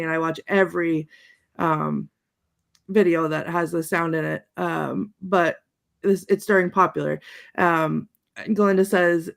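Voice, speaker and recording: A woman's voice: lowish voice, gravelly, fairly bright tone. A woman on a panel discussion, reading out favorite lines and laughing between them. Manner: reads quotes aloud with laughs. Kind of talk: casual chat, reading quotes.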